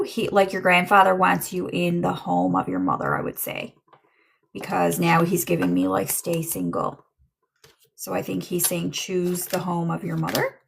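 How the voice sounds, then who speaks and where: Slow, gravelly woman reading tarot. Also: fairly low pitch, animated, slight background noise. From Newfoundland, Canada. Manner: chatty, slow, drifts into soft muttered asides. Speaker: tarot reader and medium. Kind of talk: casual livestream reading answering comments.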